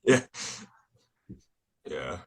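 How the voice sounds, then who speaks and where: A man guesting on an interview, telling stories in casual chat, animated and often laughing. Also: drawn-out words. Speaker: band member guest.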